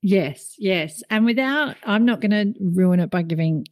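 A middle-aged woman, a podcast co-host telling a story in casual chat, animated and rising in pitch when moved. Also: measured pace, no echo, clean studio sound.

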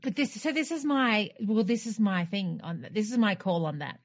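A woman's voice: medium pitch, moderate pace, dry recording. Woman cohost arguing her take, laughs a lot, dry sound. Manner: opinionated, argues her point with laughs. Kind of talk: casual chat.

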